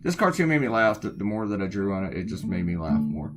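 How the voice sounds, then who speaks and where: A man's voice: deep voice, sing-song, fast. Rambling sarcastic cartoonist man, guitar behind. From United States. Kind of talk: casual chat while drawing.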